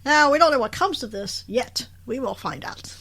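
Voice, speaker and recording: A woman's voice: high voice, lively intonation, moderate pace, bright, forceful tone. A woman co-hosting a podcast, recapping a show in casual chat, laughing often and acting out the characters' lines. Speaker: podcast co-host.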